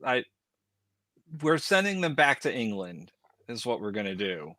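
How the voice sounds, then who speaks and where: A man's voice: mid-range voice, very animated, unhurried, sharp tone, no room sound. A man speaking as a podcast guest, blunt and profane. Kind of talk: casual podcast chat.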